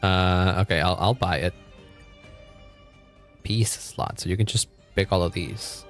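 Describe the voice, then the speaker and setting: A young man's low-pitched voice comes through unhurried and with long pauses over soft background music. He's livestreaming a game from home, chatting loosely, cursing plenty and laughing a lot.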